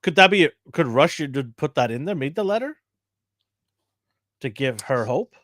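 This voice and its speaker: A man's voice: on the high side, animated, moderate pace, fairly bright tone, dry recording, clean studio sound. A man co-hosting a casual show review, chatty and rambling, often laughing between his points. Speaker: co-host.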